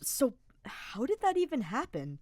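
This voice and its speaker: A woman reading a fan-fiction audiobook, voicing an excitable young male paladin who gushes and gasps. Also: unhurried, dry recording, studio quality, exaggerated voice. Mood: curious. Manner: eager, gasping, squeaky.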